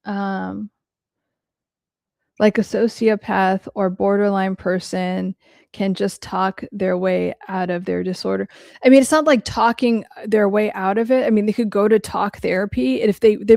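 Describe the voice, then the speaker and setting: A frank woman host talks through listener questions in a loose, conversational podcast style. Her voice has a steady gravelly creak, and she curses without a second thought. The sound is close and dry, with no room echo. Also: mid-range voice, measured pace. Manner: blunt and frank, swears casually, heavy use of "like". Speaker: mental health podcast host who works with clients. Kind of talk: casual podcast talk answering listener questions.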